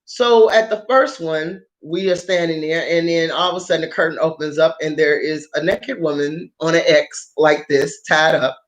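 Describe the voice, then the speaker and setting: A woman vlogger telling a story in a casual, animated way, swearing freely. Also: low-pitched, normal speed, hardly any pauses. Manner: animated, profane, laughs often.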